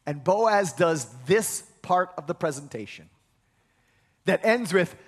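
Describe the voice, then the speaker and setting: A man's voice: high-pitched, expressive, normal speed, fairly bright tone, husky, long reverb tail. A male pastor preaching a sermon in a conversational way, with acted-out asides, in a church sanctuary.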